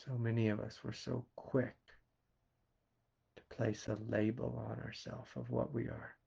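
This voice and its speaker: A man from Kentucky with a Southern accent, a spiritual teacher giving a slow, meditative satsang talk and asking quiet questions between soft laughs. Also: medium pitch, flat delivery, creaky, breathy edge, highs cut off. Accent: Southern American. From Kentucky, USA.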